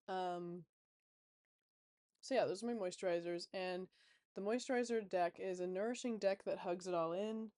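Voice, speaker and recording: Rambling woman with a mellow voice. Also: fairly low pitch, no room sound. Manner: rambling, chatty, many fillers. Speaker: tarot reader. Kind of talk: casual vlog chat.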